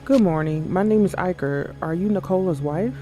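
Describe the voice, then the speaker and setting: A man reading the lines of a calm male detective who questions guests patiently. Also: high voice, normal speed, music in the background, natural voice. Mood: steady.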